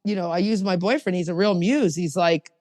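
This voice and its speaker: A woman co-hosts a recovery podcast, telling stories in casual conversation and acting out what other people said. Her voice is lowish and brisk, and the recording has a big-room sound with no echo.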